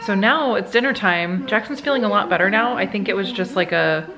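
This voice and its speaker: A woman in her thirties vlogs casually to the camera at her family home at dinner time, rambling with plenty of filler words. Her mid-range voice is brisk, and the low-quality recording picks up crowd noise.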